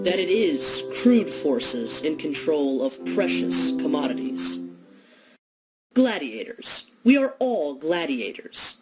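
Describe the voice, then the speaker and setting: A woman giving an impassioned, accusatory monologue full of rhetorical questions, building to loud declamation. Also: deep voice, low-quality recording. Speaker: speaker delivering a philosophical monologue.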